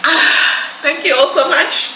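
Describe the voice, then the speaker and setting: A woman's voice: high voice, slow, pushed and bright. A young woman, unboxing gifts in a casual vlog, gushing, emotional and laughing often. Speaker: vlogger. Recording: echoey room, background noise.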